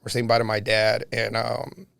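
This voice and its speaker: Gravelly man telling an earnest story. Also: lowish voice, monotone, moderate pace, fairly bright tone, no room sound. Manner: earnest, many fillers like "like" and "you know". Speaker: podcast guest. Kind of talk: personal storytelling.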